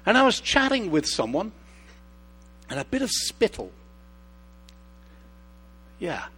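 A middle-aged man preaching with a fairly high voice that moves up and down a lot. He's an expressive storyteller who drops to a hushed tone for emphasis and then gets lively again, all in the flow of a sermon. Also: slightly rough. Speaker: pastor. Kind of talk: sermon with personal stories.

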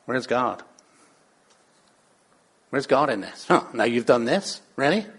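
Nagging aging wife Sarah, exasperated and teasing, a preacher doing her, highish voice. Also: very animated, normal speed.

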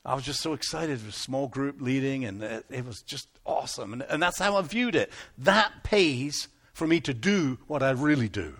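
A man preaching a sermon in an animated, conversational way, repeating words as he builds up and slipping into little acted asides. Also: mid-range voice, normal speed, hardly any pauses. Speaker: pastor.

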